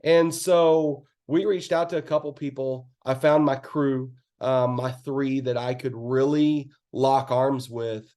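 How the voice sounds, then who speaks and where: A man's voice: medium pitch, steady tone, slow, few pauses, a little mellow. A man telling his team a candid, earnest story of starting his business, with plenty of fillers and acted-out quotes, over a call. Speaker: network marketing speaker.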